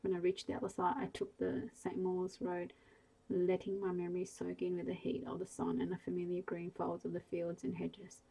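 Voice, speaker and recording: A woman reading a bedtime story aloud in a soft, hushed ASMR style, slow and gentle. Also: lowish voice, completely flat delivery, vocal fry, slightly rough, poor audio.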